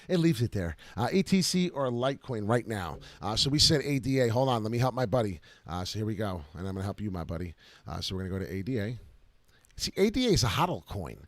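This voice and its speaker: A man giving brash, excited live commentary to viewers while trading crypto on charts. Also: mid-range voice, fairly quick, dry recording.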